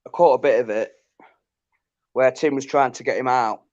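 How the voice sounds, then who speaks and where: A man's voice: mid-range voice, normal speed, darkish tone. Terse man on a dull lo-fi line. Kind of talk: casual chat.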